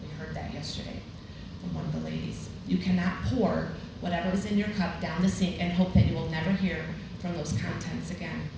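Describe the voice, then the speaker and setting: A woman's voice: fairly low pitch, animated, fairly quick, hardly any pauses. Woman speaker in an echoey hall. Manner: chatty storytelling with laughs. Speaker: retreat speaker. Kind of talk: devotional talk at a women's retreat. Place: large room at a ladies' retreat. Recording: very echoey, distant, noisy room recording.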